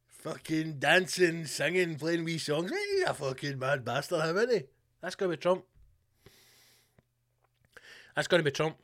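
A Scottish man hosting a comedy podcast, ranting in a sweary, animated way. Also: on the high side, fairly quick. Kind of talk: comedic rant.

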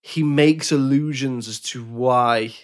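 A man's voice: medium pitch, slow. Brief: man, podcast co-host, reflective, hedging delivery. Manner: thoughtful, hesitant, qualifies his points. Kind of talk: casual film discussion.

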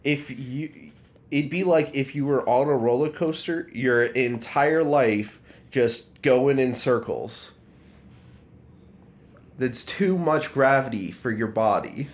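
A man's voice: mid-range voice, takes it slowly. A man co-hosting a podcast, chatting casually and dropping dry, teasing remarks. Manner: dry, teasing quips and offhand fact-sharing. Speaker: podcast co-host. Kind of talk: casual chat.

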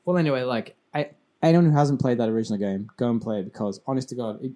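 A man's voice: mid-range voice, fast, dark tone. A man co-hosting a gaming podcast, chatting casually, swearing and restarting his sentences. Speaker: podcast co-host.

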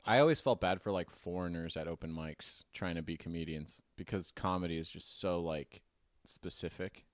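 A man's voice: low-pitched, normal speed, no room sound. A man co-hosting a comedy podcast, joking and riffing through the chat. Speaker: podcast co-host.

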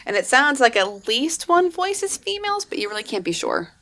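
A woman's voice: high voice, sing-song, brisk, pushed and bright. A woman narrating as game master of a tabletop role-playing game, casual and chatty, with fillers.

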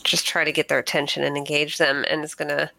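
Woman, tabletop player, bright tense tone, dry sound, thinks aloud. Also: deep voice, flat delivery, fast talker, vocal fry, dry recording. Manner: thinks aloud, fillers, self-corrections. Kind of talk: casual tabletop play.

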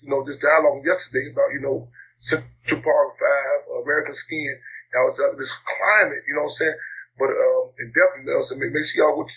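A man being interviewed, talking casually in a halting way, often repeating words and using fillers, his voice a bit worn. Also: on the high side, a bit bright. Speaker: interview guest, activist. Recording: slightly dull lo-fi audio, faint noise.

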